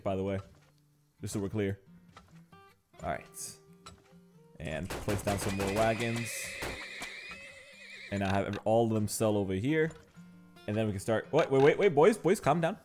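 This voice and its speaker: A man's voice: fairly low pitch, a little mellow. Joking man narrating a game. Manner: joking, playfully mock-angry, bosses his game workers around. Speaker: gaming channel host. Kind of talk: casual let's-play commentary.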